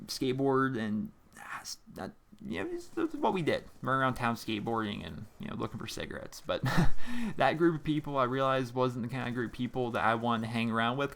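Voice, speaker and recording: A man's voice: medium pitch, a bit bright. A young man from Pennsylvania in his twenties, hosting a gaming channel and answering viewer letters at his desk mic, rambling informally with lots of fillers and restarts. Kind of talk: casual to-camera chat. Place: home gaming room with a squeaky chair. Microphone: desk microphone in front of monitor.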